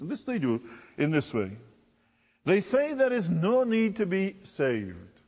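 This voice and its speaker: A man's voice: big pitch swings, measured pace, darkish tone, husky, in a large hall. A man preaching a sermon with emphatic delivery, from Britain. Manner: emphatic, with sweeping pitch swings.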